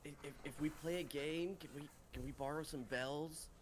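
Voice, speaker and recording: A man's voice: a little high, steady tone, normal speed, slight background noise. A man playing a tabletop game, talking casually and often repeating words. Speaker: player.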